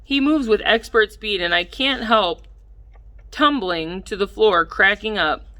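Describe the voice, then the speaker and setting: A woman reading a first-person audiobook in a measured way, livening up the dialogue. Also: medium pitch, expressive, bright, forceful tone. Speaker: audiobook narrator.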